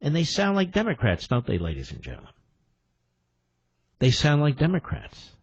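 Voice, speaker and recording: A man's voice: on the high side, huge pitch swings, normal speed, breathy edge, no echo, dull audio. A man hosting a combative political talk radio show, indignant and emphatic, firing rhetorical questions and repeating his points.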